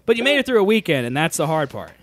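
Brief: young male podcast host, quick and animated, playful teasing banter. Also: a little high, no echo. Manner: joking, teasing, fast-talking. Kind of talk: casual podcast chat.

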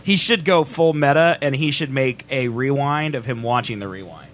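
A man's voice: mid-range voice, normal speed, fairly bright tone, a little hiss or hum. A man co-hosting a livestream in casual banter, playful and laughing often as he talks to chat. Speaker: stream co-host.

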